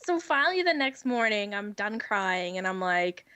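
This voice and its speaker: Young woman guest, giggly animated storyteller, very lively pitch, dry close sound. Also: moderate pace, smooth, no room sound. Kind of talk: casual storytelling chat.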